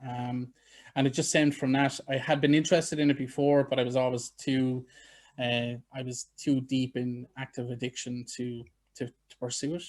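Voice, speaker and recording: A middle-aged Irish man talks in a loose, chatty way, guest on a conversational podcast. His voice sits at an ordinary pitch for a man, and he tells his story frankly, poking fun at himself. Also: flat delivery, moderate pace, a little mellow. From Ireland. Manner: frank, self-deprecating, chatty. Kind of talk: casual interview chat.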